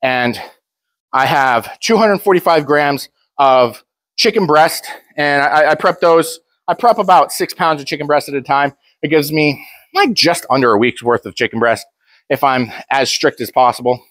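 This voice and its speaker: A man's voice: on the high side, normal speed, fairly bright tone, no echo. A young man talking casually to camera, blunt and joking, rambling with frequent restarts. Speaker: powerlifter vlogger.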